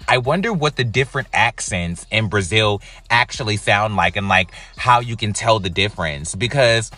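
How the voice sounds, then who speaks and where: Man, from the US, casual reaction commentary, animated asides, low voice, bright tone. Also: moderate pace, no echo. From United States. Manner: chatty, animated, incredulous asides. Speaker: reaction show host.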